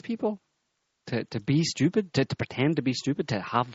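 A man's voice: mid-range voice, sing-song, a little fast, breathy edge, no room sound, highs cut off. A man in casual political chat, talking in a sardonic, rambling way with frequent restarts.

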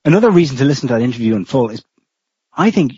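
A man's voice: mid-range voice, sing-song, rapid-fire, dark tone, slightly rough, dry recording. A man co-hosting a podcast, talking through political commentary in a casual, rambling way with frequent restarts. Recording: dull lo-fi recording.

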